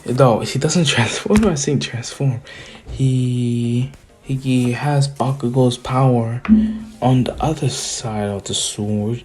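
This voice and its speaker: A man's voice: mid-range voice, steady tone, a little mellow. A man casually retelling a fan story, often laughing to himself and correcting himself. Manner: laughing often, restarts, slow drawl.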